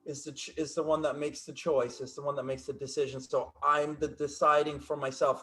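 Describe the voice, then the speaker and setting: A man speaks as a life coach, his voice sitting a touch higher than most men's. He talks in emphatic, repeated affirmations, as if driving a point home. He is heard over a video call. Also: level tone, fairly quick, few pauses, pushed and bright. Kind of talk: casual coaching conversation.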